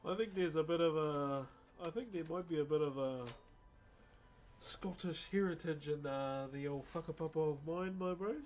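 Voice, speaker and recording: A man's voice: fairly high pitch, moderate pace, darkish tone, soft background music. A man chatting casually to viewers on a live stream while he carves wood, easygoing and talkative. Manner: easygoing, chatty, addresses viewers as guys and bro.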